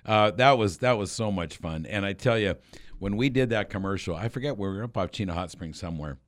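A man's voice: lowish voice, fairly quick, dry recording. A man hosting a radio show, casually telling a rambling story with chuckles and restarts.

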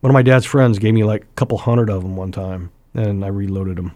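A man's voice: lowish voice, flat delivery, brisk, mellow. A man co-hosting a local radio talk show, explaining things in detail from notes with jokey asides. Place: radio studio.

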